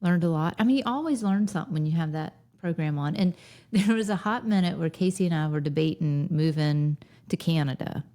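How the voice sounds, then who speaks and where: A woman in her thirties with a Southern Lowcountry accent co-hosts a relaxed chat. Her voice sits on the low side and sounds warm and mellow. She tells her stories with a wry, amused edge. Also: a little fast. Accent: Southern US (Lowcountry South Carolina). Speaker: podcast co-host. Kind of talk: casual nostalgic chat.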